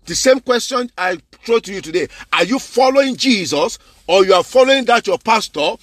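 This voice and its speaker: A male preacher with a high-pitched voice delivers his sermon in a dry, close recording. He is fervent and keeps coming back to the same words. He presses his listeners with direct questions. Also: animated, normal speed, a bit bright, no room sound. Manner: fervent, repeats phrases for emphasis.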